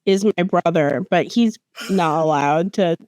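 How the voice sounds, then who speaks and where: A young woman co-hosting a podcast in casual chat, giggly and animated, with quick reactions. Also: fairly low pitch, dry recording. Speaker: podcast co-host.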